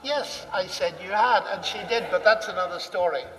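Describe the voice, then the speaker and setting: A man telling a personal story to an audience, animated and acting out the dialogue as he goes. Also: high-pitched, normal speed, noisy background. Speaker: speaker recounting a personal story. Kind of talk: anecdotal storytelling talk. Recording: distant mic in a reverberant hall.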